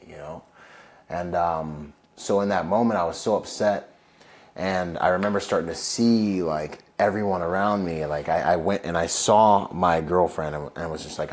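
A man's voice: sits low, moderate pace, darkish tone. A man who is a Marine veteran, telling his story as an interview guest in a casual, laid-back way, full of slang and fillers.

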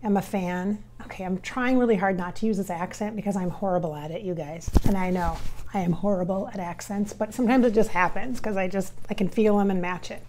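A woman in a casual channeling session speaks in a mellow, relaxed tone. Her pitch sits in the middle. She talks haltingly, full of fillers and restarts. She often sinks to a soft near-whisper as she addresses her viewers. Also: a little hiss or hum. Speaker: spirit medium.

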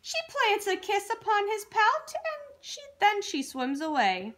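Slow expressive woman storyteller. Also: very high-pitched. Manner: expressive, rhythmic rhyming read. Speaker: children's storyteller. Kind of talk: reading a picture book aloud.

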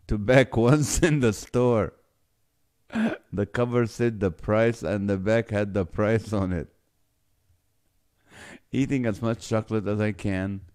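A man's voice: medium pitch, darkish tone, smooth. A man hosting a live stream, reading viewer comments aloud and joking, often breaking into laughter. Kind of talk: casual live-stream chat.

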